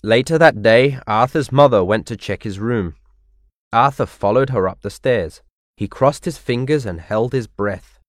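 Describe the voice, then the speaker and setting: A man reading a children's storybook aloud as narrator, gentle and expressive. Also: medium pitch, measured pace, no echo, studio quality.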